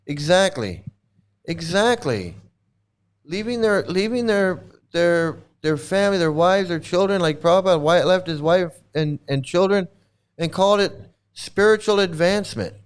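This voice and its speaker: Middle aged guy ranting on his stream, swears a lot, laughs, smooth voice. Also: high-pitched, lively intonation, moderate pace. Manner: mocking, profane, laughs often, repeats himself. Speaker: livestream host. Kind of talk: profane ranting commentary.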